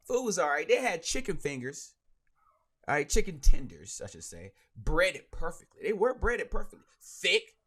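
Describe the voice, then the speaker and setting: Animated man ranting on his podcast. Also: on the high side. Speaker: podcast host. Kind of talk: casual solo sports talk.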